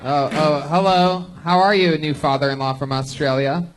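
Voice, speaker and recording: A man in his thirties hosts a live comedy podcast from a club stage. He talks in quick, teasing, mock-exasperated bursts into a handheld mic. His voice sits a little above the usual male range. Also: on the high side, steady tone, slight background noise. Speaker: host.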